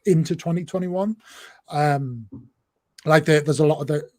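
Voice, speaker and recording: A man hosting a livestream, chatting casually in a relaxed, rambling way. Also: a little high, normal speed, no echo. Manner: relaxed, rambling, with fillers and laughs. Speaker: livestream host. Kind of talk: casual chat.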